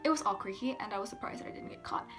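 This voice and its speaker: A young woman telling a storytime tale casually. She swears a lot, fills her talk with "like", giggles and sometimes drops to a hush. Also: medium pitch, rapid-fire, whispered, over music. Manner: giggly, profane, filler-heavy, hushed at times. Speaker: vlogger.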